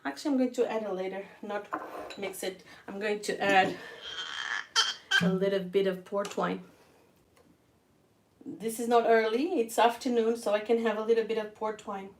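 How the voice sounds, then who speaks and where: Lady cooking live in her kitchen, chatty and laughy, kinda sick and worn out, mid pitch voice, a bit of dish clatter in the back. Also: fairly even intonation, moderate pace, pauses often, a little hiss or hum, poor audio. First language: Portuguese. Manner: chatty, laughs often, speaks straight to viewers. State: feeling weak and ill. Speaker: cooking channel host. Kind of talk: live-stream cooking chat. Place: home kitchen.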